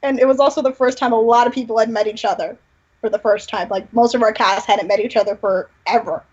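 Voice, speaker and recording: A young woman with a high voice tells animated stories, acting out the quotes as she goes. She is a podcast guest heard through dull, lo-fi audio. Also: fast, slightly rough. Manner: animated, storytelling with quoted dialogue. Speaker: guest performer. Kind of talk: casual interview chat.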